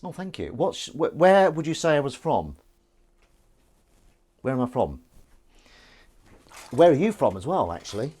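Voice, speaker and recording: A man's voice: medium pitch, very animated, measured pace, pauses often, darkish tone, slightly rough. A man with a Southern English accent hosting a live stream while washing up, chatting with viewers in a rambling, self-mocking way. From England.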